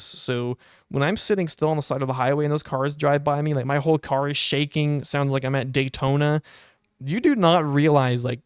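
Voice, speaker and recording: A young adult man hosting a podcast, telling a casual anecdote in a wry, animated way. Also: mid-range voice, smooth, no room sound, studio quality. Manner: animated, wry storytelling with quoted asides. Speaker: podcast host.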